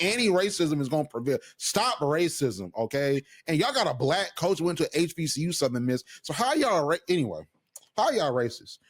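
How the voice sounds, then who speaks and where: A man co-hosting a casual sports podcast, his voice sitting a little higher than most men's. He talks in an animated, emphatic way, stacking restarts and asides as he goes. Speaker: podcast co-host.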